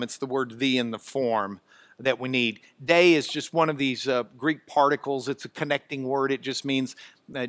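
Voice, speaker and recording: A man teaching a classroom Bible lesson, bursting into loud dramatic emphasis as he reads and dropping to quiet asides between. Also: mid-range voice, dry recording. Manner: drops to quiet asides when searching notes. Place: classroom, recorded for radio.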